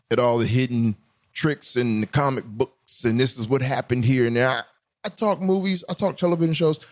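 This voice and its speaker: Podcast guy ranting about movies, cussing a lot, kinda high voice, super animated. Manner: animated, profane, emphatic riffing. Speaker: podcast host. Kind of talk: casual spoiler chat.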